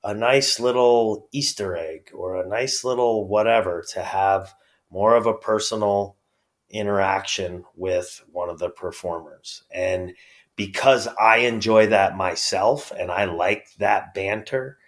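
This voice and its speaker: Man, New York accent, very low voice, casual interview guest, loose with fillers. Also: a little slow. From upstate New York. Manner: relaxed, laughs often, many fillers. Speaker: guest, pro wrestler.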